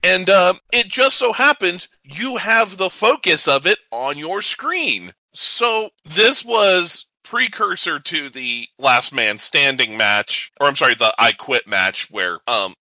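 A man's voice: fairly high pitch, expressive, slow, few pauses, bright, forceful tone, no echo, poor audio. A man co-hosting a casual podcast, upbeat and opinionated, ranting about his takes. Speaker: co-host.

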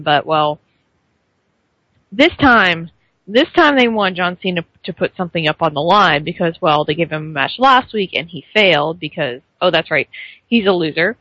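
A woman co-hosts a wrestling recap show, offering sarcastic, dry commentary in casual chat. Her voice is low yet pushed and bright, and the recording is dry, like a muffled lo-fi stream.

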